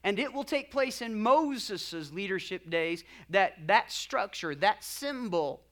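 A male pastor preaching a sermon with passion, building to loud climaxes and tossing in jokey asides to the congregation. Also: high voice, animated, slow.

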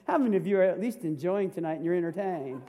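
A man's voice: high voice, expressive, fast talker, warm tone, a little hiss or hum. A man in his fifties, a pastor, preaching a sermon with humor and rhetorical questions. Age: 50s.

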